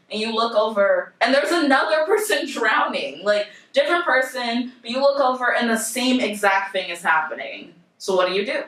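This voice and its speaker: A young woman speaks to a room of students and tells them a story in a bright, clear voice. She talks to the audience directly and acts out the people in it with lively energy. The sound is roomy and picked up from some distance. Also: fairly high pitch, moderate pace, few pauses. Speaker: presenter at a university civic engagement center.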